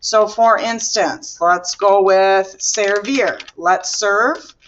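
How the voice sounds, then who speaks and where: A woman's voice: mid-range voice, steady tone, very slow, fairly bright tone, muffled recording, slight background noise. A woman teaching a recorded grammar lesson, patiently explaining step by step while she writes on the board. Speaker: Spanish teacher.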